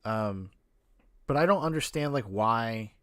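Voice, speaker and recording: A man's voice: mid-range voice, expressive, unhurried, dry recording, studio quality. Stream host guy rambling and cussing, keeps losing his words. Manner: rambling, self-interrupting, swears offhandedly. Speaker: podcast host streaming a watch-along. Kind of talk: casual live-stream chat.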